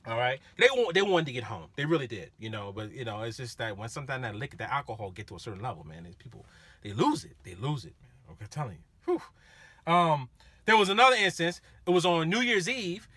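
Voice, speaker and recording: A rideshare driver telling stories in a casual, animated way, laughing as he goes. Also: medium pitch, quick pace, husky, no room sound. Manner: animated, laughing, acts out voices. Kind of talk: casual storytelling.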